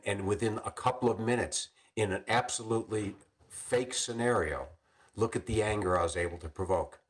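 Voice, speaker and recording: A retired police captain, now an older man, shares stories during a podcast interview, his voice sitting on the low side. There are many restarts, and he clears his throat a lot.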